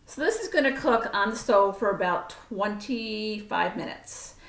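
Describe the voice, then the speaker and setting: A woman's voice: medium pitch, expressive, measured pace, vocal fry, fairly bright tone. A woman walks through a recipe at her stove in a loose, chatty way, correcting herself and talking to herself as she goes. She sounds roomy and a bit far from the camera mic, with faint noise underneath. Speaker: cooking instructor. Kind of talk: casual cooking demonstration. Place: home kitchen.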